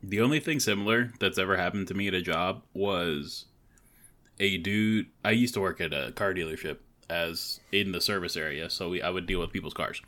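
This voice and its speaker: A man's voice: low-pitched, moderate pace, sharp tone. A man on a casual podcast, blunt and profane, giving short reactions and telling a brief work story. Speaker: podcast co-host.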